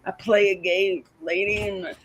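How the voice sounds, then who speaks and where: A woman co-hosting a casual podcast chat, telling stories in an animated way and often laughing. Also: mid-range voice, normal speed, slight background noise, poor audio. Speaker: podcast co-host.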